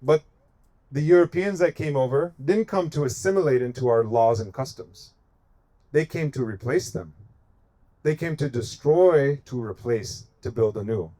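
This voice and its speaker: A man's voice: mid-range voice, moderate pace, dark tone. A man from the United States giving an impassioned speech at a protest encampment, building his points through emphatic, repeated phrases. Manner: emphatic, repetitive rhetorical cadence. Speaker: activist speaker at a protest encampment.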